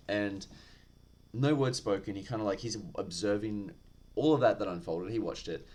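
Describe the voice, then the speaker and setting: A man talks through a comic chapter in a loose, rambling way, tossing in slang and profanity between filler words. His voice sits on the lower side. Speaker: manga reviewer. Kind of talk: casual chat.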